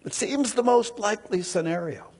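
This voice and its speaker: A man preaching a sermon, teaching slowly through a text and acting out quoted lines. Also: high-pitched, husky. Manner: animated, acts out the serpent's lines in a raised voice.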